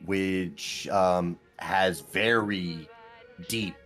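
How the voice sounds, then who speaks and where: A man's voice: deep voice, fairly even intonation, very slow, a bit bright, faint music behind. An American man chatting casually while gaming, rambling with restarts and swearing. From United States. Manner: rambling, profane, many restarts. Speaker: gaming co-host.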